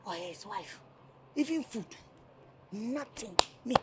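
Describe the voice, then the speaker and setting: An actress with a Nigerian accent playing a sibling who cajoles and pleads for a loan, in a Nollywood film. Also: female voice, mid-range voice, lively intonation, takes it slowly, very noisy. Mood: wheedling. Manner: pleading, wheedling, laughing. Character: cajoling sibling begging for money.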